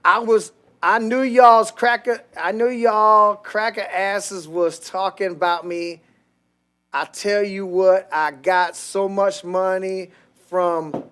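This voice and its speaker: A man putting on a slow, drawling, exaggerated mocking voice to play a boastful man reading a viewer's donation message. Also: high voice, fairly even intonation, a bit bright, clean tone, pitched above the performer's own voice.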